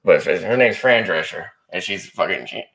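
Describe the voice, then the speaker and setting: Deep-voiced male co-host, blunt and crude. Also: expressive, brisk, creaky, fairly bright tone. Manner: blunt, profane. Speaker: podcast co-host. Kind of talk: casual podcast chat.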